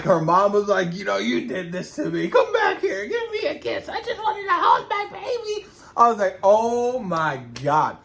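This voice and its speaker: An animated man recaps a horror episode with slang and words repeated for emphasis. His pitch swings widely while he talks. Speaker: show reviewer. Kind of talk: reaction recap.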